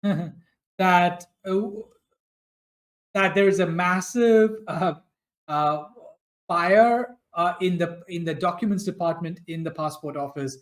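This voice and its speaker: A man playing a duet tabletop game as the guardian, teasing and scheming against the other player. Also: fairly high pitch.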